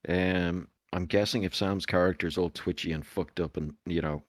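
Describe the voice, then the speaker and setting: A game master rambles through setup with plenty of fillers. His voice sits low and the sound is dry and close. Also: fairly even intonation, moderate pace, no room sound. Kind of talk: casual tabletop game chat.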